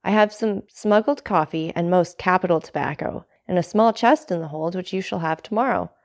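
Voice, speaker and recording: A woman's voice: on the low side, moderate pace, natural voice. A woman reading aloud, voicing an earnest young male sailor who speaks to his father in an ardent, pleading way, in a storybook.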